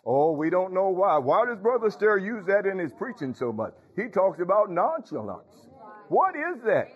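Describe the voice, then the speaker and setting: Preacher guy, folksy and repetitive, kinda high voice, dull old church tape sound. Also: very animated, normal speed, breathy edge. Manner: call-and-response, folksy, repeats phrases, chuckles. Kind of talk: informal sermon.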